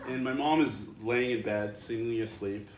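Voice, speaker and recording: A man's voice: medium pitch, normal speed. Man telling jokes on a club stage, heard from a distance. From London, Ontario, Canada. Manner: loose storytelling with many fillers and restarts. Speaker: stand-up comedian. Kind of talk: stand-up comedy set. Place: comedy club stage with live audience. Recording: roomy, distant, noisy club recording.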